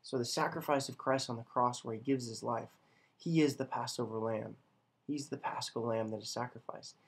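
A man giving a scripture lesson, emphatic and conversational, and he keeps tagging his points with a questioning "right?". His voice sits at an ordinary middle pitch and has a husky, slightly rough grain. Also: steady tone, moderate pace. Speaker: teacher. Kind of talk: catechism lecture.

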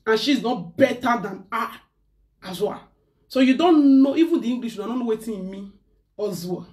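A woman's voice: fairly high pitch, animated, moderate pace, a little mellow, recorded from a distance. A woman with a Nigerian accent ranting in casual chat as a live-stream host, slipping pidgin into her English.

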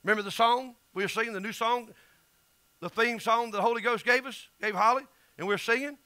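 A man's voice: very high-pitched, brisk, sharp tone, clear, resonant tone, no echo. A middle-aged man with a Southern US accent, preaching an emphatic, folksy sermon as pastor.

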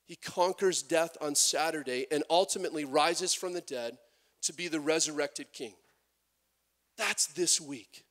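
A man preaching a sermon as pastor, animated, with many restarts and acted-out quotes. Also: a little high, measured pace.

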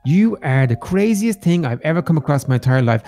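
A man's voice: a little high, sing-song, quick pace, dark tone, soft background music. A man voicing a young husband who protects his family, talking urgently and commanding by turns, in a Minecraft role-play. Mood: angry.

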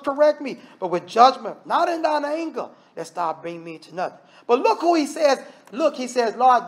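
Gravelly high-voiced preaching man. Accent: Southern US. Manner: animated preaching, reading scripture aloud with asides. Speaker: minister. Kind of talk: sermon.

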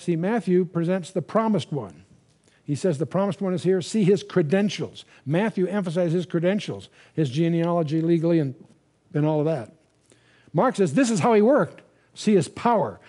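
A man's voice: fairly high pitch, dark tone. A man giving a Bible teaching lecture in a conversational way, asking his listeners rhetorical questions and reading scripture in King James wording.

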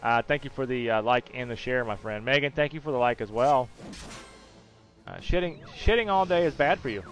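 A man streaming a video game, chatting casually with his viewers, joking crudely and now and then bursting into loud hyped shouts. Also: mid-range voice, expressive, fairly quick, soft background music. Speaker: gaming streamer.

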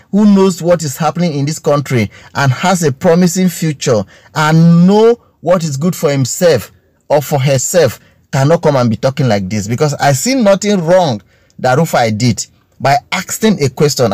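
A Nigerian-accented man with a somewhat high voice speaks straight to his viewers. He is earnest and preachy, drawing out key phrases and hammering his points home. The recording is close and dry, with no room echo. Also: a little mellow. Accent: Nigerian English. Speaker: social commentator addressing his viewers. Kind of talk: impassioned monologue on current affairs.

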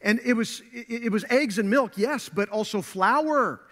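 A male pastor with a notably high voice tells a homey story from the pulpit, chatty and loose, full of little fillers and asides. His voice rings out with a long reverb trailing through the church hall. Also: a little slow, a bit bright. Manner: conversational storytelling with many fillers. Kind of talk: sermon. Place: church sanctuary.

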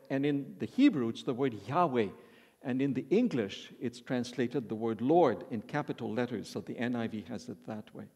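A man's voice: mid-range voice, sing-song, normal speed, breathy edge. Man preaching in a reverberant hall. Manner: expository, reads scripture aloud and then explains it. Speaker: Bible teacher preaching. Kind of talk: sermon. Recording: long reverb of a large hall.

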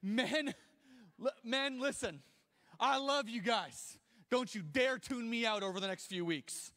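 Male pastor, high voice, animated self-mocking sermon, long hall reverb. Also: unhurried. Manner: animated, self-mocking preaching with sudden loud outbursts. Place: large church hall.

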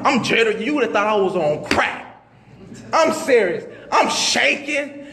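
High-voiced man preaching in an echoey hall. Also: measured pace, vocal fry. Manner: animated storytelling, street slang. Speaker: minister. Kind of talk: testimony sermon. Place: mosque hall. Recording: echoey hall with long reverb.

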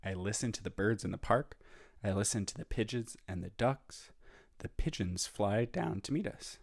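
A man with a fairly low voice reads a children's picture book aloud as a music teacher would. He voices the sounds in the story with his mouth between plain lines. The recording is dry and close. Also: moderate pace, vocal fry, husky, dry recording. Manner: plain storybook reading that acts out sound effects. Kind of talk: children's read-aloud and activity.

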